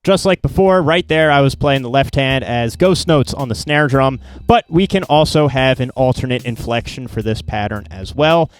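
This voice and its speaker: Laid-back man explaining drum patterns. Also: mid-range voice. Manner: relaxed, informal, counts drum strokes aloud. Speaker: drum teacher. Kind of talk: instructional explanation.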